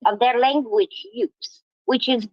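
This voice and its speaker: A woman in a heated monologue, talking in halting bursts with restarts and insults. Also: fairly high pitch, steady tone, no echo, dull audio. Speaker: livestreamer.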